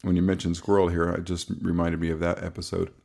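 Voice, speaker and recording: A man co-hosting a casual podcast, rambling and halting, laughing easily and stumbling over words. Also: low voice, monotone, vocal fry, darkish tone. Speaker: podcast co-host. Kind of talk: casual chat.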